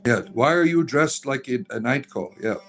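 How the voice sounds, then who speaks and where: A middle-aged man chats loosely on a livestream, reading out viewer comments and answering them. He rambles with frequent fillers and restarts in a mid-range voice. Soft music plays faintly underneath. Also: mid-range voice, moderate pace, creaky. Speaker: livestream host reading chat. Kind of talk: casual livestream chat.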